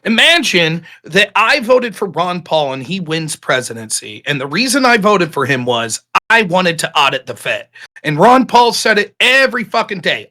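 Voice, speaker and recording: Male panelist, bright forceful tone, emphatic and profane. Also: high-pitched, animated, moderate pace. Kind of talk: heated political debate.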